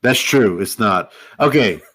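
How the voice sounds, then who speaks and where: Low-voiced, easygoing male podcast host. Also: lively intonation, measured pace, fairly bright tone. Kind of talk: casual chat.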